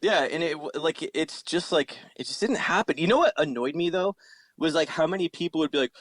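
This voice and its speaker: A man's voice: on the high side, a little fast, no room sound, low-quality recording. A man in his thirties in casual chat, talking about his old bands, swearing freely and acting out what people said. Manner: swears a lot, animated, acts out quotes. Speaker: podcast guest, musician.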